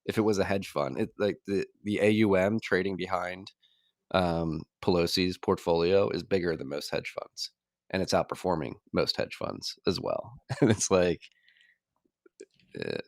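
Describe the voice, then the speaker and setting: A man's voice: sits low, normal speed, no echo, clean studio sound. A man hosting a podcast in casual chat, wry and musing. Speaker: podcast host.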